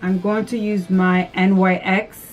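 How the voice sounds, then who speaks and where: A woman vlogger chatting casually through a makeup tutorial, nervous and excitable, gasping and squealing often. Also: mid-range voice, a little slow, highs cut off, slight background noise. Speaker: beauty vlogger.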